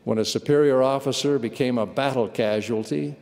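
A man of middle pitch delivers a sermon story in a measured, earnest voice. His words carry the long reverb of a large conference hall. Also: a little mellow. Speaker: church leader giving a sermon.

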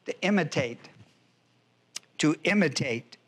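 High-voiced man teaching scripture. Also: expressive, slow pace, fairly bright tone, husky. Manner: emphatic, repeats key phrases, spells out Greek words. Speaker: pastor. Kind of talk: expository Bible teaching.

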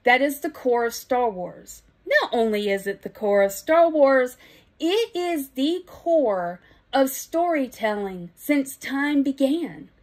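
A woman with a bright, high voice and a Southern accent vents her opinions straight to camera. She is middle-aged, blunt and emphatic, and swears freely as she gets more and more worked up. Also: expressive, takes it slowly. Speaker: vlogger. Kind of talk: impassioned opinion rant.

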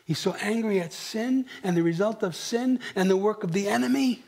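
A middle-aged male pastor preaching a sermon, swinging from near whispers to emphatic questions and clearing his throat often. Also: sits high, moderate pace, darkish tone. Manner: dramatic, dropping to near whispers and rising for emphasis; asks the congregation rhetorical questions. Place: church.

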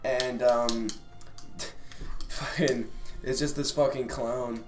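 A man's voice: medium pitch, steady tone, slow. A young man on a podcast, casually rambling through a scary story with crude jokes. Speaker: podcast co-host. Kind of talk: casual chat, telling scary stories. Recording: echoey room with music.

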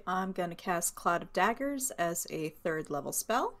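A woman's voice: on the low side, very animated, a little slow, fairly bright tone. Breezy, playful woman player. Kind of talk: casual tabletop play.

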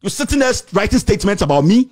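A man with a Ghanaian accent delivering an angry, insulting rant to the camera, repeating himself and shouting. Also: high voice, very animated, fast. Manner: shouting, insulting, repetitive tirade. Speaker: political commentator.

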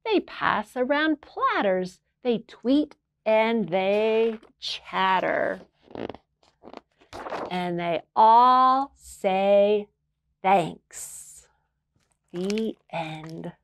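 A woman reading and singing at a children's storytime as the librarian, in a slow, clear sing-song manner. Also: medium pitch, lively intonation, a little hiss or hum.

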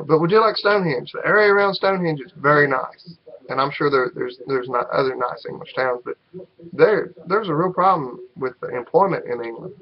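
A man's voice: a little high, dull audio. A middle-aged man with a North Carolina accent, talking unscripted to the camera in a rambling, hesitant way, full of ums and restarts. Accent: North Carolina Southern US. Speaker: vlogger.

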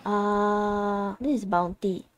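A woman's voice: medium pitch, little pitch movement, very slow, a little hiss or hum. A young woman streaming a game, chatting casually in a playful, giggly way with squeals and silly sound effects.

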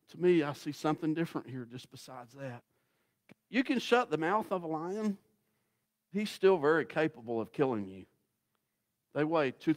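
A man preaching a sermon as guest pastor, telling the story in a folksy, dramatic way that swings from loud to hushed. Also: fairly high pitch.

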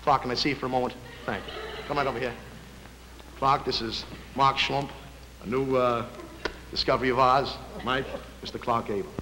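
An actor playing a pompous, smooth-talking male movie studio boss in a live 1949 television sketch, mumbling through legal jargon. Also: steady tone, moderate pace, pauses often, bright, forceful tone, lightly acted. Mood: oily. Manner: low, oily, slurred legal mumbling. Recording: hissy echoey early TV kinescope.

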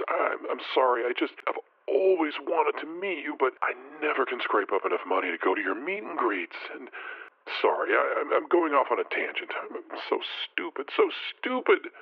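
A man's voice: fairly high pitch, sing-song, moderate pace. An actor playing an obsessive, unstable male fan calling in, stammering and pleading. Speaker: caller. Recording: tinny phone line with faint noise.

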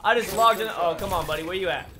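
A man's voice: sits high, quick pace, very noisy. A tired man giving joking, trash-talking live commentary over his own gameplay, yelping at big plays. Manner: excitable, yelps and laughs at big plays. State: tired from travel. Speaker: gaming commentator. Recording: music playing behind.

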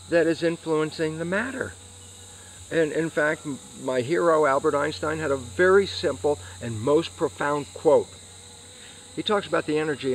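A man's voice: fairly high pitch, slight background noise, low-quality recording. A man, an interview guest, explaining science and acting out his own questions and answers. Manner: animated, acts out questions and answers to himself.

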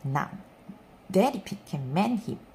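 A woman voicing a gentle mother pig who talks brightly and soothingly in a storybook reading. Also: mid-range voice, sing-song, unhurried, slight background noise.

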